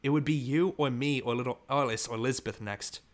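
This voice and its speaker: Male reader doing a quiet, firm, grieving frontier mom, audiobook. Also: medium pitch, normal speed, close to an everyday voice. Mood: sobbing. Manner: quiet, steady, sorrowful. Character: grieving frontier mother, firm but gentle.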